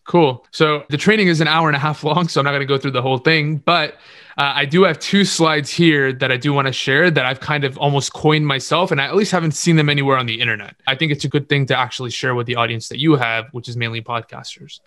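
A man's voice: mid-range voice, fast, pushed and bright, no room sound, clean studio sound. A man speaking as a podcast guest, giving confident, instructive advice in casual interview talk and repeating words for stress.

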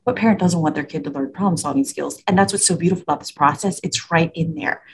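A woman's voice: sits low, fast, a little hiss or hum. A woman talking about working with kids and parents in a casual interview, acting out the exchanges she describes. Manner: animated storyteller, acts out quoted exchanges. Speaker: school administrator and parenting educator.

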